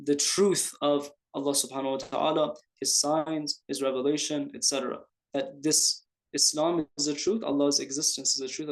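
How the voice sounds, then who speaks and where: A teacher lecturing in a class, explaining verses with Arabic religious terms and rhetorical questions. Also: medium pitch. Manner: rhetorical questions, repeats points for emphasis; frequent restarts and fillers.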